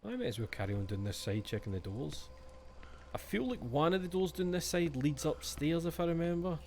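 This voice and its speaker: A man's voice: on the high side, animated, brisk, a little mellow, slight background noise. A man with a Scottish accent giving casual, jokey commentary while playing a game, reading its text aloud and swearing often. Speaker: let's-play streamer.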